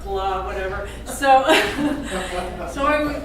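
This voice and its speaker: A woman's voice: medium pitch, expressive, slow pace, noisy background. A middle-aged woman giving a toast as mother of the groom, telling stories with frequent laughter. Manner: warm, laughing, storytelling. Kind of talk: personal toast speech. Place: large banquet room. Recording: echoey hall, far mic, loud crowd.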